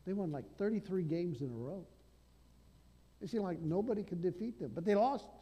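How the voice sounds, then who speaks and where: A male pastor preaching a sermon, swinging between loud declarations and hushed asides. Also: sits high, lively intonation, normal speed, slightly rough, long reverb tail.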